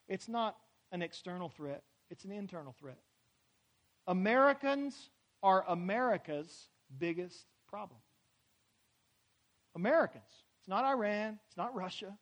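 High-voiced preaching man. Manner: emphatic preaching, swelling louder at climaxes; asks the congregation to repeat phrases. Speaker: pastor. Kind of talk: sermon. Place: church sanctuary.

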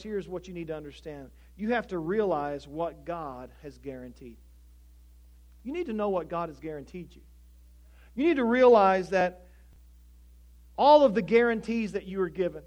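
High-voiced man preaching a sermon. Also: darkish tone. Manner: conversational with jokes, building to emphatic preaching. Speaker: pastor.

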